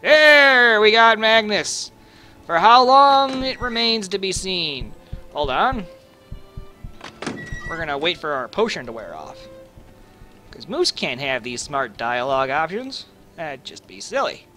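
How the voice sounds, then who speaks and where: Sarcastic crude game commentator, bright voice, unhurried. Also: male voice, on the high side, sing-song, soft background music. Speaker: gaming video host. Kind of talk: casual gameplay commentary.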